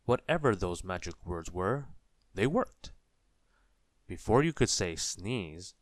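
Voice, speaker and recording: Low, slow male storyteller. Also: no echo. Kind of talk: children's story read-aloud.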